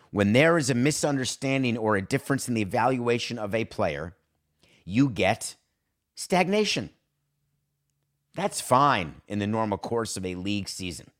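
A man hosting a sports podcast, giving an opinionated monologue in an emphatic voice and acting out quoted exchanges as he goes. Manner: emphatic, acts out quoted exchanges with pitch swings. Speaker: podcast host.

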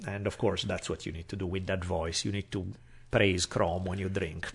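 A man's voice: low-pitched, normal speed, gravelly, slightly rough. A man telling a personal story in casual chat, acting out the people he quotes. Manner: animated, acts out quoted voices.

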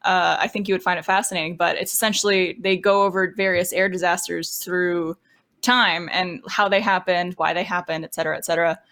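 A woman with a mid-range voice hosts a relaxed podcast conversation. She steers it into the next segment, upbeat and easygoing. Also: on the low side, a little fast. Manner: upbeat, leads segments, laughs often. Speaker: podcast host. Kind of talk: casual podcast chat.

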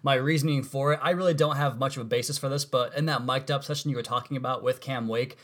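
A man's voice: mid-range voice, steady tone, quick pace, a bit bright. A man with a mid-range voice hosts a casual sports podcast. He asks long, winding questions and makes easygoing, self-deprecating asides as he steers the talk. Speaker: podcast host.

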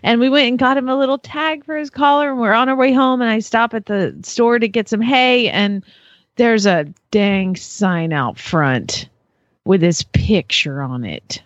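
A woman's voice: fairly high pitch, a little slow, dry recording, highs cut off. A woman co-hosting a radio show, telling a family story in casual chat, laughing often and acting out the voices. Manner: animated, laughing storyteller who acts out voices.

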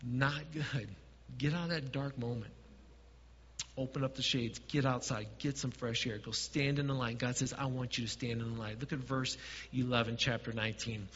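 A man preaching a sermon as pastor, dropping to quiet asides and swelling to emphatic points. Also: mid-range voice, fairly even intonation, moderate pace, long reverb tail, highs cut off.

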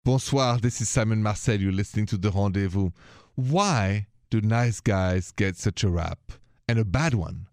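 A man's voice: fairly low pitch, normal speed, no room sound. Middle-aged French-accented man, radio host, dry studio voice. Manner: warm, sprinkles French greetings, emphatic. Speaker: radio talk show host. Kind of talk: late-night radio call-in chat.

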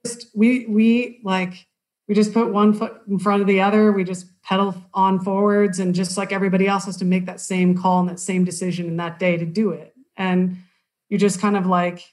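A woman's voice: mid-range voice, level tone, normal speed, darkish tone. A woman guest on a podcast, speaking in an earnest, encouraging way with lots of casual fillers. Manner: earnest, encouraging, uses many "like"s. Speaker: podcast guest, cyclist and hiker. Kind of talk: casual interview chat.

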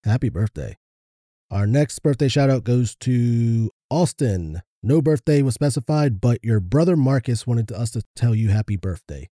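A man calmly reading birthday shout-outs on a podcast in an understated way. His voice is very dark and mellow. The sound is dry and close. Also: mid-range voice, normal speed, dry recording. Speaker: podcast co-host.

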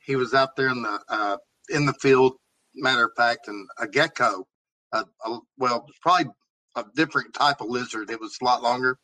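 A man's voice: mid-range voice, sharp tone, low-quality recording. A man co-hosting an interview, recounting an anecdote with chuckles. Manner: storytelling, chuckling. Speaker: co-host. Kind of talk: interview conversation.

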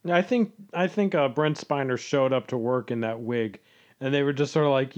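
A man's voice: mid-range voice, moderate pace, darkish tone. A man co-hosting a movie podcast in casual chat, with a dry, grumbling delivery. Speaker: podcast co-host.

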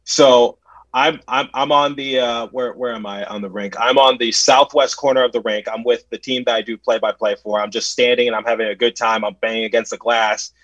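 A young man and podcast host telling a casual story, with stumbling restarts and loud acted-out quotes. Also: medium pitch, fairly quick, no echo. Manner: animated, stumbling restarts, acts out quotes loudly. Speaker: podcast host and play-by-play announcer. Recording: dry, slightly muffled lo-fi audio.

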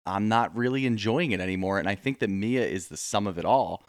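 A man co-hosts a casual reality TV recap podcast, launching into blunt, opinionated rants full of swearing. His voice is fairly low and a little fast, recorded with clean studio sound and no room ambience.

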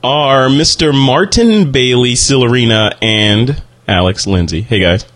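A man hosting a casual photography podcast, talking quickly and chattily and often repeating words as he starts a sentence. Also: medium pitch, fairly bright tone. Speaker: podcast host. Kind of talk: casual panel podcast chat.

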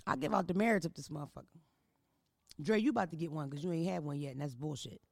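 A woman hosting an advice podcast in a studio, telling stories in a loud, profane, animated way. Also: sits low, quick pace, vocal fry, no echo. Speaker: podcast host giving advice. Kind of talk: casual comedic chat.

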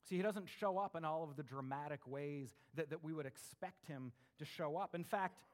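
Young guy pastor giving a sermon, slightly high voice, chatty and animated, gets loud then drops soft. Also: normal speed. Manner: conversational, animated preaching with dramatic swings.

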